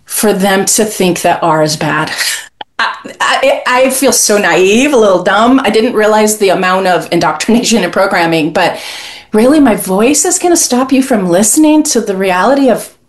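A woman's voice: mid-range voice, normal speed. A woman speaking frankly and with passion as a guest in a podcast conversation, laughing now and then.

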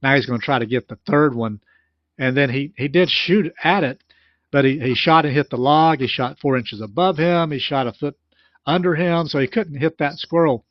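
A man with a slightly high voice walks through a story step by step, stopping to restart and explain. His voice is close and dry, and the recording sounds dull and lo-fi. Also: moderate pace, no room sound. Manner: retells a story in plain spoken terms, with restarts. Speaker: commentator on a recorded sermon. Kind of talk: explanatory commentary.

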